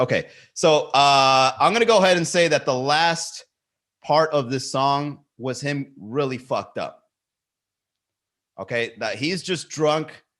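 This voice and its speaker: A man hosting a comedy podcast, reading song lyrics aloud in a low mocking voice, swearing and joking casually. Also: fairly bright tone. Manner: mocking, swears freely, laughs at own jokes. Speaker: podcast host.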